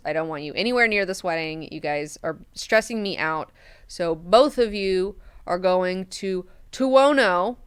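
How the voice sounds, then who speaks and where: A woman's voice: lowish voice, clean tone, natural voice. A woman voicing a harried old male official who sounds exasperated and swears casually.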